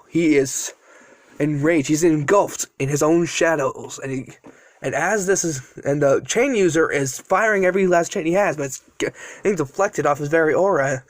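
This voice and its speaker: A man's voice: on the high side, no room sound. A man casually telling a fan-made story, rambling and often correcting himself. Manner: rambling, frequent self-corrections.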